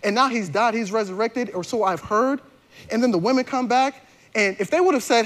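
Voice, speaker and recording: A man preaching a sermon in a conversational way, acting out dialogue with slangy voices and dropping soft for tender moments. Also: extremely high pitch, brisk. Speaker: pastor. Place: large church hall.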